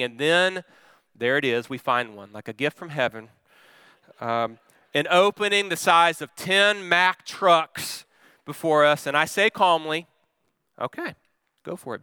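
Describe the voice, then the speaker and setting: Bright, crisp middle-aged male preacher. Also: on the high side, dry recording. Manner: expressive storyteller, swings from calm to loud. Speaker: pastor. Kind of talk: sermon with personal story.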